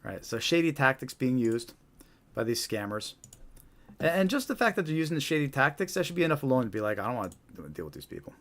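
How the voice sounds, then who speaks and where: Fast-talking man hosting a live stream. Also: medium pitch, lively intonation. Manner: casual, explanatory, repeats "right?". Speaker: host.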